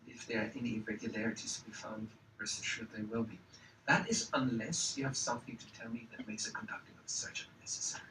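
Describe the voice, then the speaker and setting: An actor playing a calm, courteous German officer whose threats come out quiet and half-whispered, with a German accent. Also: male voice, fairly low pitch, a little hiss or hum. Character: polite, menacing German officer interrogating a farmer. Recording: film clip played in an echoey room from far off.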